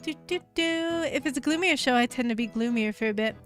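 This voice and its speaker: A woman's voice: sits high, brisk, faint music behind. An American woman streaming, chatting casually with her viewers in a rambling way, full of fillers. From United States.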